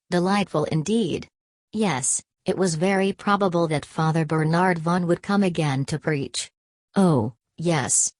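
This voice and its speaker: Woman audiobook narrator, deep voice, dry close sound, measured reading. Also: darkish tone, no echo. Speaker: audiobook reader. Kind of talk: scripted literary narration.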